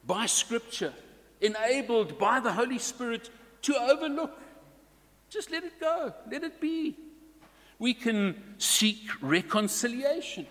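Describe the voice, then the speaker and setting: Man, high voice, slow deliberate sermon, long hall reverb. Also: fairly bright tone. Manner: slow, deliberate preaching with varied emphasis. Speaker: preacher.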